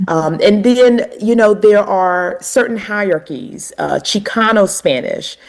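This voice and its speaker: A woman's voice: medium pitch, expressive, takes it slowly, gravelly, a little mellow. A middle-aged woman with a pronounced Southern US accent, speaking as a language educator in a reflective, explanatory interview style. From Southern United States, North Carolina. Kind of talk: conversational interview.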